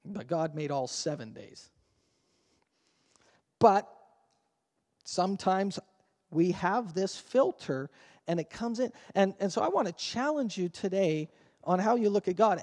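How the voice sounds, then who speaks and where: A man's voice: high-pitched, a little mellow, long reverb tail. A man preaching a sermon as pastor, talking conversationally and asking the congregation questions. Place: church sanctuary.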